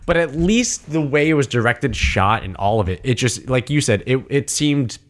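Male podcast co-host, casual, emphatic, halting delivery. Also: medium pitch, lively intonation. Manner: halting, restarts often, emphatic. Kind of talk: casual chat.

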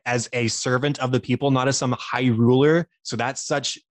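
A man's voice: mid-range voice, little pitch movement, moderate pace, no room sound. A man talking casually on a podcast, analyzing a film with enthusiasm and frequent laughter. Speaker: podcast co-host or guest, teacher by day.

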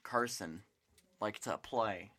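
A young man co-hosting a podcast, talking casually in a goofy, expressive way. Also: lowish voice, slow. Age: young adult. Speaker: podcast co-host. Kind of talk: casual chat.

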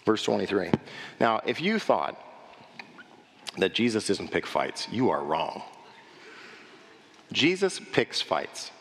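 A man's voice: fairly low pitch, takes it slowly, long pauses, a little hiss or hum. Preaching man in a reverberant church. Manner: animated preaching, asks the congregation questions, acts out crowd voices. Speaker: pastor. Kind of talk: sermon. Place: church sanctuary. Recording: long hall reverb.

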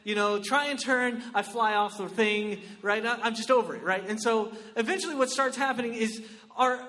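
A male comedian telling a stand-up story in an animated, exclamatory way, often asking "right?". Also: sits high, moderate pace, in a large hall.

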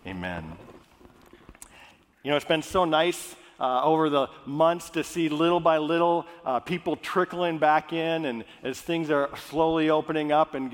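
A male pastor from Minnesota, praying and then preaching in an earnest, conversational way. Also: fairly high pitch. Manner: earnest, conversational, restarts phrases. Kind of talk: sermon. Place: church sanctuary. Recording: echoey hall.

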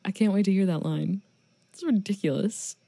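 A woman's voice: medium pitch, moderate pace, gravelly, mellow, dry recording. A woman co-hosting a casual movie-review podcast, giggling often and joking sarcastically. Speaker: podcast co-host.

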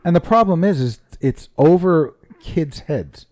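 A man in casual chat, animated and swearing as he retells quotes. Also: fairly high pitch, measured pace, no echo, studio quality. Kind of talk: casual chat about pro wrestling.

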